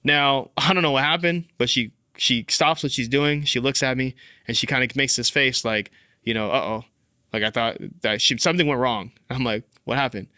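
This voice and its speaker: A young man hosting a fatherhood podcast, telling a personal story in casual, animated speech full of "like" and "bro.". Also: medium pitch, moderate pace, no room sound, clean studio sound. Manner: animated, filler-heavy, says "like" and "bro" often. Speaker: podcast host.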